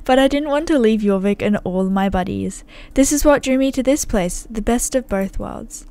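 A woman's voice: on the high side, normal speed, warm tone, natural voice. A woman reading aloud the lines of a friendly male Western ranch hand from a game, in a folksy, welcoming manner.

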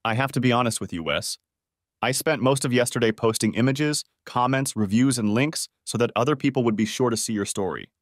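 A man's voice: medium pitch, fairly quick, no echo, studio quality, natural voice. A man narrating an audiobook, voicing an upbeat, scheming young woman in a raised, coaxing voice. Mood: eager.

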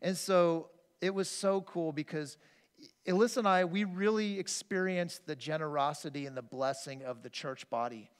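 A man's voice: on the high side, normal speed, clear, resonant tone. A man preaching a conversational sermon as pastor, telling personal stories in an earnest way with frequent restarts. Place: church sanctuary. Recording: long reverb of a church hall.

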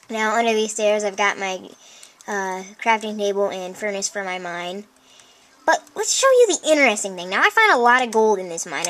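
A woman commenting on her own video game play, chatty and easily excited, often breaking into exclamations and talking straight to her viewers. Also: medium pitch. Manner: chatty, addresses viewers directly. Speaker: let's play host. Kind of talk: gameplay commentary.

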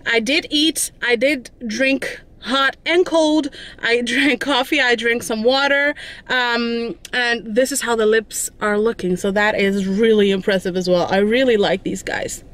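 Woman vlogger talking casually to her viewers, kinda high voice, chatty and relaxed. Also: measured pace. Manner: chatty, informal, addresses viewers as guys. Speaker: beauty vlogger. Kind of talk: casual chat to camera.

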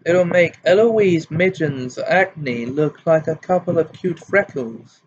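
Guy putting on a bossy know-it-all teen witch girl, higher and prim, dull lo-fi audiobook sound. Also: slow pace, slight background noise. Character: clever bossy teenage schoolgirl witch.

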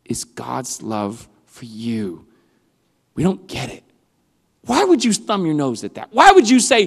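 Male youth pastor, high-pitched, animated preacher; sanctuary reverb. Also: unhurried, vocal fry. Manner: animated preaching, swings from loud to hushed. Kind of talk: youth sermon. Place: church hall. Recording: long hall reverb.

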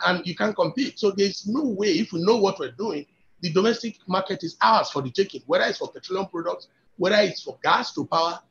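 Speaking as an industry guest in a webinar talk, this man has a Nigerian accent and a voice on the high side. His delivery is emphatic and persuasive, with frequent word repetition as his argument builds, all captured in dull, lo-fi audio.

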